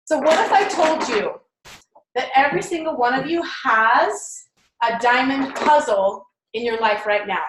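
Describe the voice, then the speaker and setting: A woman's voice: sits high, animated, a little slow, a bit bright, echoey room, slight background noise, low-quality recording. A woman giving a team mindset training talk, enthusiastic and chatty, laughing often.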